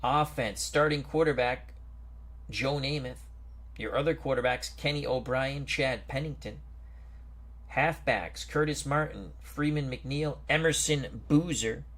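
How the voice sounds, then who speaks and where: A man hosting a football strategy game stream, reading out team rosters and greeting viewers in a chatty, unhurried way. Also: mid-range voice, fairly bright tone. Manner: slow, chatty, greets viewers and stumbles over names. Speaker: host. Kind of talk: casual game commentary.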